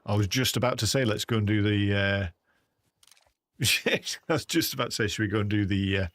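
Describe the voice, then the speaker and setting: A man's voice: lowish voice, normal speed, a bit bright. An English man chatting casually with viewers while livestreaming a hunting game, often calling them mate. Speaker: gaming livestreamer.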